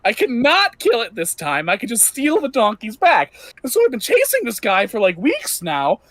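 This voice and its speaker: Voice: medium pitch, wildly swooping pitch, normal speed, fairly bright tone, no room sound, voice pushed up. A game master voicing a nervous young man in his twenties who rambles and stammers with anxious energy. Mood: rambling.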